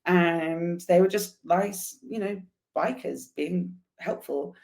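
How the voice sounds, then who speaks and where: A woman guest telling a lively, casual story and acting out the dialogue. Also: fairly low pitch, takes it slowly, vocal fry. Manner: animated, acts out dialogue in anecdotes. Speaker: guest, motorcycle traveler.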